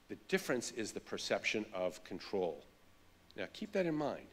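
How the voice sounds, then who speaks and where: Middle-aged male psychologist with a low voice, for animated keynote storytelling. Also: moderate pace. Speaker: keynote speaker, child psychologist. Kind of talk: keynote lecture.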